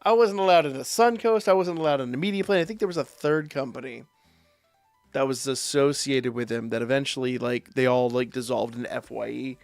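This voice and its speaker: A man streaming live, telling a profane, animated story in a casual way. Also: medium pitch, fairly quick, no echo, soft background music. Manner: profane, animated anecdote with quoted voices.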